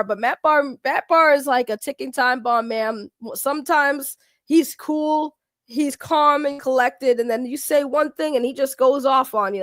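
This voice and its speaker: High-voiced woman ranting on a livestream. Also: no room sound, studio quality. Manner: animated, talks back to chat, swears and laughs. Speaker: livestream host. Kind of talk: casual livestream rant.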